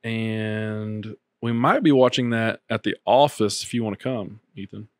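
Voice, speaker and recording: A man co-hosting a casual podcast, telling stories in a relaxed, rambling way with lots of filler words. His voice sits low and comes across dry and close, with no room sound around it. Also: unhurried, dry recording. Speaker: podcast co-host. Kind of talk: casual chat.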